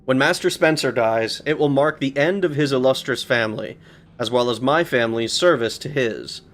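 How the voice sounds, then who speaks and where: A man's voice: medium pitch, moderate pace, fairly bright tone, close to an everyday voice. A man reading as a wistful old butler. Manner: mock-formal, wistful reading. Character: aging male butler recalling his youth. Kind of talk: reading game notes aloud in a put-on voice.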